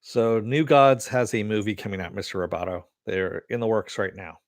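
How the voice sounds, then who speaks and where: A podcast host runs through entertainment news and listener comments in a casual, rambling chat, swearing freely and laughing a lot in a laid-back way. His voice is on the low side with fairly even intonation and normal speed, captured in clean studio sound with no room sound.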